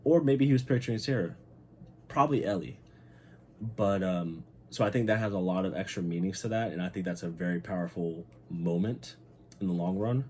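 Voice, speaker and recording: Deep-voiced man recapping excitedly. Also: brisk, a little hiss or hum. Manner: excited, profane, heartfelt. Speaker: channel host. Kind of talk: casual episode recap.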